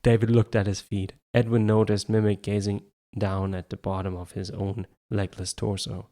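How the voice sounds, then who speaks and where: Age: adult. Sex: man. Style: low-voiced amateur audiobook narrator. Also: little pitch movement, normal speed, mellow. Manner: stumbles and restarts words, self-corrects. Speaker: audiobook reader.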